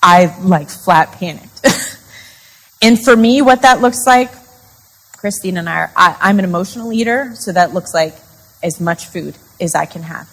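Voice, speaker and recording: A woman's voice: fairly low pitch, moderate pace, fairly bright tone, rough recording. A woman speaking candidly about faith and marriage to a live conference audience, chatty and confessional, leaning on "like" as she talks. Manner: chatty and confessional, with frequent "like" fillers. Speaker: conference speaker and podcast co-host. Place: live women's conference session.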